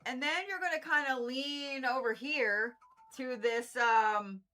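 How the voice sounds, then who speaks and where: Bright-voiced blunt woman card reader. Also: sits high, takes it slowly. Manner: blunt, swears freely, repeats herself for emphasis; animated, exasperated asides. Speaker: Reiki and zodiac card reader. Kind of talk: casual livestream card reading.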